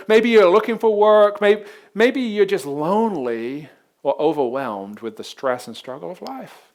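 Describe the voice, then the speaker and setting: Male pastor, high voice, casual earnest preaching, repeats his words at sentence starts. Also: normal speed. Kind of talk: sermon.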